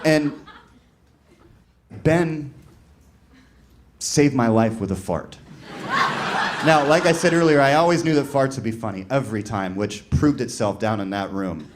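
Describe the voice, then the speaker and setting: A man's voice: mid-range voice, lively intonation, measured pace, pauses often, background noise. A man doing stand-up comedy, telling a long story in a loose, conversational way full of "like" and acted-out quotes, with audience laughter behind him. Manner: conversational, rambling with lots of "like", voices other people in quotes. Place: comedy venue with a live audience.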